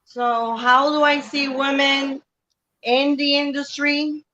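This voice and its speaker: A woman guest answering interview questions in a measured, thoughtful way. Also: high voice, little pitch movement, pushed and bright, dull audio, slight background noise.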